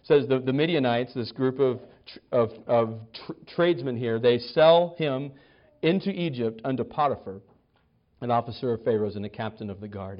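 A man teaching a Bible lesson in a casual, animated way, often stumbling and repeating words. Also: mid-range voice. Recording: dull lo-fi recording.

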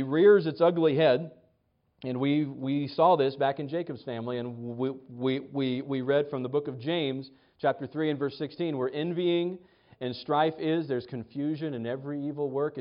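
Male pastor, somewhat high voice, chatty sermon delivery, stumbling restarts, dull lo-fi recording. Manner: conversational preaching with frequent restarts and acted quotes. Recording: dull lo-fi sound.

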